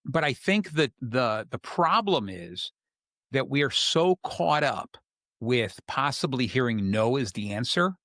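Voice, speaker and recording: Male podcast host, mid-pitched, talks through acted examples in a dry close sound. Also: big pitch swings, measured pace, fairly bright tone, no echo. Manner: explains with acted-out examples, many fillers. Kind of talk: casual chat.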